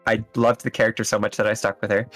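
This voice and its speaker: A man as an interview guest, telling stories in a relaxed, rambling way with fillers and small laughs. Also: fairly low pitch, fast talker, soft background music. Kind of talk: casual interview chat.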